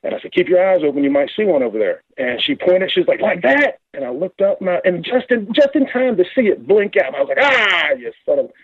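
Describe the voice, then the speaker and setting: A man calling in to a radio talk show, telling his story in a rambling, halting, excited way. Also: high voice, slightly rough, no echo. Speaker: caller. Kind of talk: casual phone-in story. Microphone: phone. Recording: tinny phone line.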